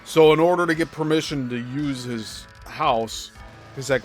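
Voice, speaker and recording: A man's voice: mid-range voice, measured pace, faint music behind. A male host giving critical commentary on a played clip, explaining his points step by step.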